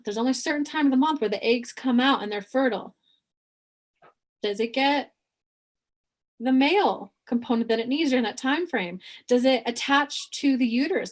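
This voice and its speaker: A woman giving a spiritual reading as a psychic medium, animated and acting out quoted voices in her own voice. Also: on the high side.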